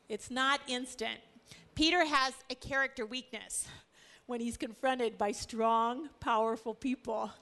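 Woman, bible teacher, higher voice, animated, acts out the stories.

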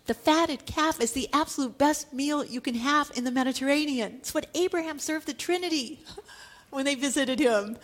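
Woman preacher, high voice, animated storyteller who laughs often as she teaches. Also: normal speed. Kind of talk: sermon.

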